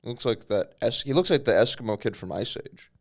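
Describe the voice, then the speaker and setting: Halting, rambling man on a comedy podcast. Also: mid-range voice, lively intonation. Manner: rambling, halting with repeated words. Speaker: podcast co-host. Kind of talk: crude comedic banter.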